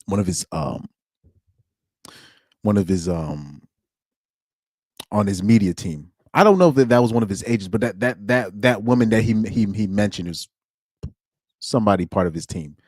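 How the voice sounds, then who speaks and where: A man's voice: lowish voice, lively intonation, moderate pace, long pauses, a little mellow, no room sound, studio quality. A young man streaming alone, chatting casually in slang, rambling and laughing as he goes. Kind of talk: casual chat.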